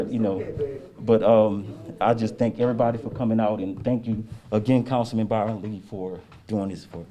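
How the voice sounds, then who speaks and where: A man, the son of the honoree, giving an emotional, halting tribute speech at an outdoor street ceremony, with many fillers and restarts. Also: on the low side, fairly even intonation, crowd noise.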